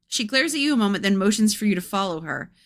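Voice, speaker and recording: A woman's voice: medium pitch, expressive, fast. Playful, chatty young woman reading aloud. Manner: chatty, playful, breaks off to coo at her cats. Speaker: livestream host reading a book aloud. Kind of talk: casual chat and storybook read-aloud.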